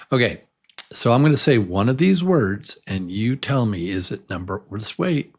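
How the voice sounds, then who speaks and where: A middle-aged man teaching a beginner pronunciation lesson, modeling vowel sounds slowly and cheering when learners get the answer. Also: fairly low pitch, animated. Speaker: English teacher.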